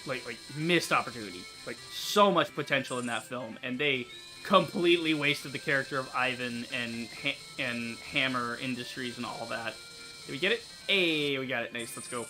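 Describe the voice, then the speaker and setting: A young gaming YouTuber gives casual, rambling commentary over a game he's playing, with many fillers and restarts. His mid-range voice moves at normal speed, and music plays in the background.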